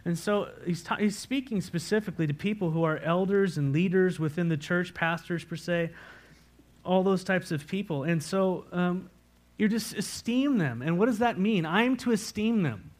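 A pastor preaching a sermon, earnest and repeating key words for emphasis. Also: male voice, high-pitched, moderate pace. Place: church sanctuary.

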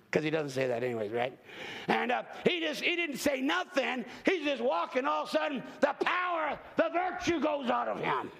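A man preaching a sermon as a travelling evangelist to a church congregation, telling folksy stories with jokes and bursting into shouts. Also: very high-pitched, big pitch swings, normal speed, creaky.

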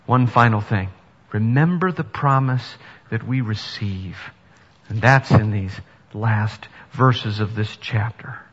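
A man's voice: fairly low pitch, slow pace, fairly bright tone, slightly rough. A male pastor giving an earnest sermon that rises to emphatic preaching in a church. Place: church sanctuary. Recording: dull sound with long reverb in a hall.

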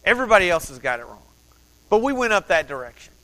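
A man from Texas delivers a storytelling sermon, his voice high and bright. He talks in an animated, conversational way, with quick asides to the room. His voice rings out with a long reverb, as in a large hall.

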